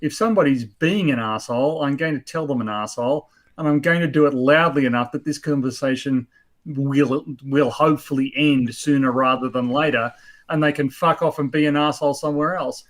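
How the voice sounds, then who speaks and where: A man's voice: medium pitch, fairly quick. A man in his fifties hosting a casual chat, blunt and rambling with many fillers. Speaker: host.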